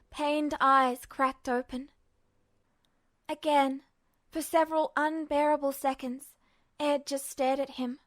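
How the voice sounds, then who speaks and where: High-voiced woman reading fanfiction. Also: no echo. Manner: tense, emotional storytelling. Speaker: podfic reader. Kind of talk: scripted narration of fanfiction.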